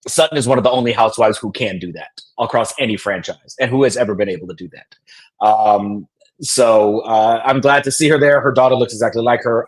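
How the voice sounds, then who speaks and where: A man's voice: medium pitch, poor audio. A man co-hosting a live reality TV review, chatting frankly and laughing often. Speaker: podcast co-host. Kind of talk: casual reality TV recap chat.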